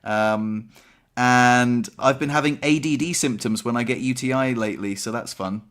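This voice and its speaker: A man's voice: medium pitch, normal speed, fairly bright tone. A young man hosting a podcast, talking casually and rambling with a self-deprecating humor. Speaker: podcast host. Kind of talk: casual chat.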